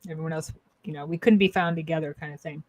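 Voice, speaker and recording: Psychic medium lady on a chatty spiritual show, kinda low voice, lots of ums and restarts, dry close mic. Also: steady tone, quick pace, darkish tone, no room sound. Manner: rambling and hesitant, many fillers and restarts. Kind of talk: casual spiritual talk show.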